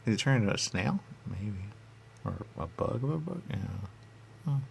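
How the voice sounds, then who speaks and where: Gravelly-voiced man in silly banter. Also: mid-range voice, big pitch swings, moderate pace, slight background noise. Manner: goofy, answers his own questions, slips into hushed asides. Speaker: radio show personality. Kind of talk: comic rambling back-and-forth with himself.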